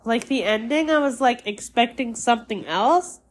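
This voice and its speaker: A woman's voice: on the high side, lively intonation. A young woman hosting her own podcast, chatting casually and rambling with fillers, sounding a little congested. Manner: slow, rambling, with many fillers and laughs. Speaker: podcast host. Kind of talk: casual solo podcast chat.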